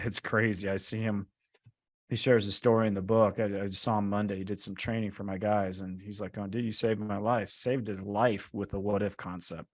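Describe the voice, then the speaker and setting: Animated storytelling man, casual talk. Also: fairly low pitch. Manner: animated, acts out quoted dialogue; casual, frequent "right?" and "like". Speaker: guest author.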